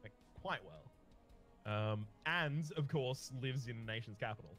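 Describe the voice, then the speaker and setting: A man hosting a casual gaming chat, telling stories in an animated, rambling way. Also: mid-range voice, normal speed, soft background music. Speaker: host.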